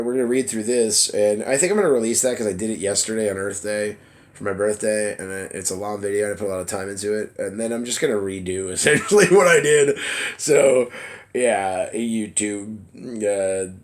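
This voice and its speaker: A man's voice: lowish voice, moderate pace. A man blogging casually about politics from his phone, reading an article aloud in a loose, chatty way with plenty of fillers and self-deprecating laughs. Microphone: phone camera app.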